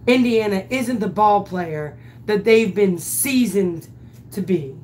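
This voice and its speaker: Woman softball coach telling a story, emphatic, swears a bit, takes her time. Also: medium pitch, a little hiss or hum. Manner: animated, emphatic, swears casually. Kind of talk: casual storytelling vlog.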